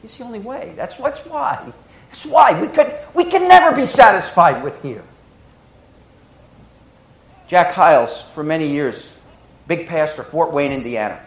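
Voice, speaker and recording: Fervent preacher with a lively high voice. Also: male voice, a little slow, pauses often, echoey room, low-quality recording. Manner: emotional, dramatic storytelling with swings from hushed to loud. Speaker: pastor. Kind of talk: sermon.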